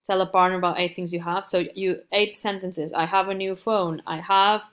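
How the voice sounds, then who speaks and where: A female teacher walks through English vocabulary at an unhurried, deliberate pace. Her voice sits a little low for a woman, and she says key words twice so that students can follow. The delivery is patient and plainly instructive. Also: fairly even intonation, a bit bright, a little hiss or hum. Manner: repeats words slowly and carefully for learners. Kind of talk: recorded online English lesson.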